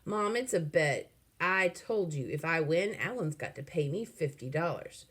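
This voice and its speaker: A woman reading aloud and voicing a feisty boy, loud and indignant. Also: low voice, animated, measured pace, exaggerated voice. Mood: pleading. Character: feisty boy in a worm-eating bet.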